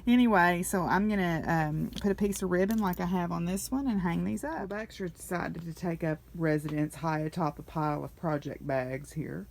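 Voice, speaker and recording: A woman, talking in a rambling, candid diary vlog with soft laughs and fillers. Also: lowish voice, moderate pace, vocal fry, hardly any pauses, slight background noise. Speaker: vlogger.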